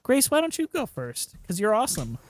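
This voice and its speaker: A woman's voice: mid-range voice, wildly swooping pitch, brisk, dry recording. Blunt, teasing woman podcast host. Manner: teasing, blunt, swears casually. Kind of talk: casual podcast chat.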